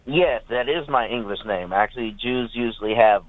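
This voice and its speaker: A man's voice: mid-range voice, moderate pace, no echo. A man calling in to a radio show, asking his question earnestly and hesitantly, with many fillers. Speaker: caller. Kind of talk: phone-in question. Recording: phone line.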